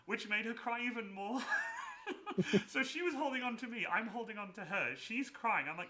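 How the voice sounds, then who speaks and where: A man hosting a casual stream chat, telling lively anecdotes and acting out the voices in them. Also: sits high, brisk. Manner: animated, acts out voices in anecdotes. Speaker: cosplayer and stream host.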